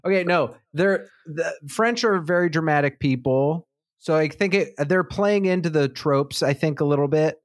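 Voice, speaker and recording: A man's voice: fairly high pitch, normal speed, dry recording, studio quality. A man co-hosting a podcast in casual chat, rambling with jokey asides and frequent laughs. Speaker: podcast co-host.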